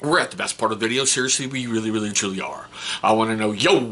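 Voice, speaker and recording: A man hosting a casual hobby vlog, rambling and excitable, and swearing casually. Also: on the low side, fast talker. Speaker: hobby channel host.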